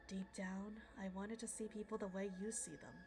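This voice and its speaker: A woman's voice: mid-range voice, level tone, close to an everyday voice. A woman reading out a cold, detached young man. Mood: confessional. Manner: measured, detached, quietly mocking. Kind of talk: reading game dialogue aloud.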